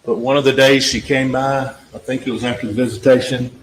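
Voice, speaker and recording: A man's voice: medium pitch, fairly even intonation, brisk. Emphatic man arguing to a jury. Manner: emphatic, repetitive, talks directly to jurors, acts out witness exchanges. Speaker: trial attorney addressing a jury. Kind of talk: courtroom closing argument. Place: courtroom. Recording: echoey courtroom audio with faint background noise.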